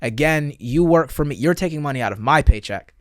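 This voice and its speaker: A man's voice: a little high, animated, a little fast, dry recording. Man, comedian type, casual rambling banter, salty language, dry studio sound. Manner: loose, talkative, swears freely. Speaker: comedian podcast co-host. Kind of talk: casual podcast chat.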